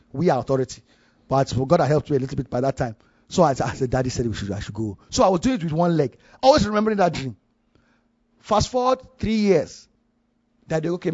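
A man's voice: fairly high pitch, darkish tone, husky, no echo, lo-fi sound. A man with a Nigerian accent preaching a sermon, telling a personal story with many repeats and restarts for emphasis.

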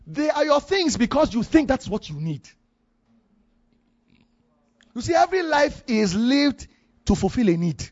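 A man's voice: very high-pitched, big pitch swings, normal speed, long pauses, no echo, lo-fi sound. A man with a Nigerian accent preaching a sermon, telling a personal story with many repeats and restarts for emphasis.

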